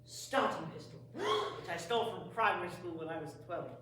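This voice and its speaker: A woman's voice: lowish voice, a little fast, a bit bright, a little hiss or hum, natural voice. A woman playing a mild, rambling rector who confesses politely, in an amateur stage comedy. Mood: confessing. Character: meek rambling rector Roger, a man. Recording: echoey hall, from far off.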